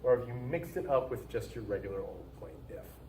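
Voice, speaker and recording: A man teaching a logic class in an emphatic style, repeating his warnings and punching key words, then dropping to quiet asides. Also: medium pitch, expressive, brisk, roomy sound, distant mic, a little hiss or hum, poor audio. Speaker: logic instructor. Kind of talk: recorded lecture.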